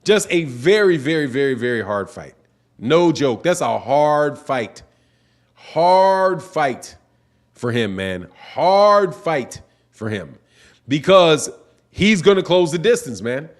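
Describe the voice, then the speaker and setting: A man's voice: on the high side, takes it slowly. A man hosting a casual boxing livestream, reading super chats aloud in slangy, repetitive, laughing talk. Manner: animated, slangy, repeats himself, laughs often. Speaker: boxing channel host.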